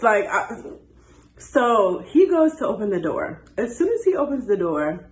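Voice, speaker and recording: A woman in her twenties telling a story on a casual story time chat, animated and jumping high when she quotes people. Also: a little slow, roomy sound, poor audio. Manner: animated, jumps to high voices when quoting.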